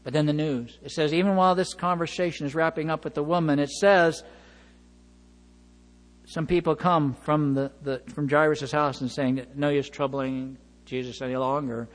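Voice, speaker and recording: A male pastor preaching a sermon, retelling scenes with lively acted-out dialogue and chuckles. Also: a little high, moderate pace, long reverb tail. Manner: animated storytelling, acts out dialogue, chuckles.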